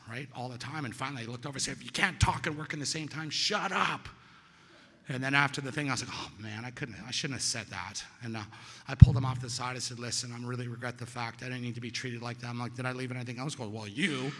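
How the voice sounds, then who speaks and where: A man sharing his story at a recovery meeting in a casual, conversational way, checking in with the audience and acting out the voices of people he quotes. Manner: conversational, storytelling, asks "right?" often; acts out quoted voices, louder and higher. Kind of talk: personal testimony talk. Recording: hall reverb.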